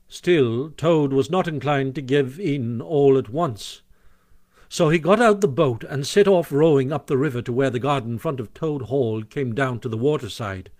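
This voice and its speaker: A man reading a classic storybook aloud as narrator, expressive and animated, on a close microphone. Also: medium pitch, a little slow, dry recording. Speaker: audiobook narrator.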